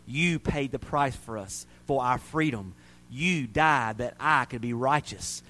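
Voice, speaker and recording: This is a man in his pulpit, leading a church sermon into an altar-call prayer. His voice sits at an ordinary middle pitch, and he speaks with earnest conviction. He moves between fervent swells and quiet, hushed pleading. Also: a little slow. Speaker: pastor. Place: church sanctuary.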